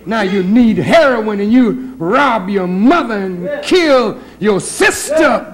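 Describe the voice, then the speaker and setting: A man giving an animated, humorous sermon, slipping into mimicry of his listeners to a congregation. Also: sits high, takes it slowly. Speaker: minister.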